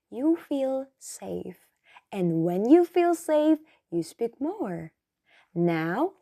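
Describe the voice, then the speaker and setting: A woman teaching English in a slow, scripted lesson, saying each practice phrase twice for the listener to repeat. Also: a little high, mellow.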